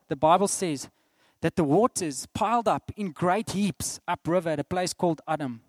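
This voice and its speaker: A middle-aged South African man delivers a sermon in a slightly high voice. He swings between loud, emphatic declarations and hushed asides. The sound is dry, with little room echo. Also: brisk. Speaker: pastor.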